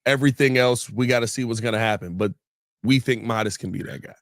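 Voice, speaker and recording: A man's voice: mid-range voice, fast talker, no room sound, studio quality. A man hosting a casual sports talk show, blunt and opinionated with a joking edge. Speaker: sports podcast host.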